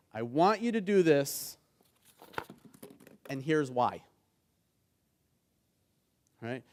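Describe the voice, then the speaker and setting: A middle-aged man with a fairly high voice leads a conference workshop on negotiation. He talks to the room in an engaging way and acts out the dialogue in his stories. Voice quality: engaging, keeps asking the audience "right?". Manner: animated storytelling, acts out quoted dialogue. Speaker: negotiation trainer and mediator.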